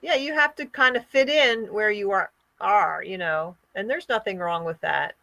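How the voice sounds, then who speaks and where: A woman hosting an online group call, talking in a slow, earnest, lecturing way. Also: medium pitch, creaky, pushed and bright, dry recording. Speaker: host of an online hangout. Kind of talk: casual group chat.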